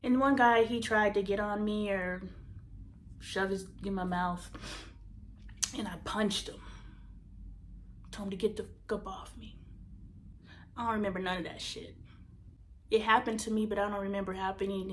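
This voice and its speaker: A woman podcast host telling an emotional personal story, candid and profane, moving from emphatic bursts to hushed near-whispers. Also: mid-range voice, a little hiss or hum.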